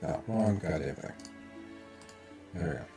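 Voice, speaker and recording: A man's voice: sits low, animated, slow, music in the background. A man streaming a video game, talking casually to himself and his viewers, often muttering and swearing under his breath. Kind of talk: casual live-stream chatter. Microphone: desk microphone.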